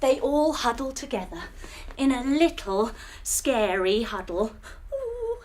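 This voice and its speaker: A woman teacher telling a children's story while leading a yoga lesson, animated and using sound effects. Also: a little high, a little slow.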